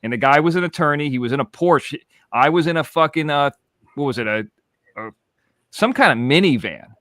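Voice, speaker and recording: A man on a live stream chat talks fast and bluntly, handing out firm advice and swearing freely. His voice sits slightly high and sounds dry and close. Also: animated, fairly bright tone, no room sound. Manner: blunt, brisk, profane, gives firm advice. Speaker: guest.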